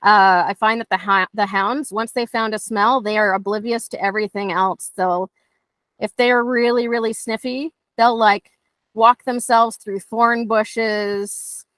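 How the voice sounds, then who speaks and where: A woman's voice: mid-range voice, fairly even intonation, measured pace, a bit bright, dry recording. A woman dog trainer teaching conversationally, telling stories and acting out dialogue in playful voices.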